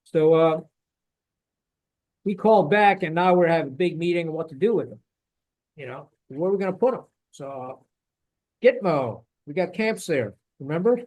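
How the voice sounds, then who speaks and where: A man's voice: fairly high pitch, normal speed, pauses often. A man, a former Marine officer, telling war stories in a casual interview with blunt, salty language. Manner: blunt, salty, animated storytelling.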